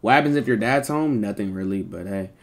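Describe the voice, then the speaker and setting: A man's voice: on the low side, lively intonation, a little fast. A man livestreaming, chatting casually to his viewers in rambling slang full of swearing.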